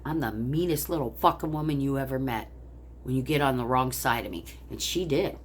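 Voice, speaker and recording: A woman's voice: a bass voice, a little fast, a little hiss or hum. An older woman vlogger telling a story angrily, in a heated, profane rant. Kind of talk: angry personal storytelling.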